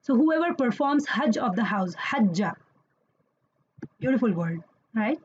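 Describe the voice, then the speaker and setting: A woman's voice: fairly high pitch, very animated, a little slow, pauses often, dull audio, slight background noise. A woman teaching Quranic Arabic grammar in an online lesson, explaining patiently and checking in with listeners as she goes.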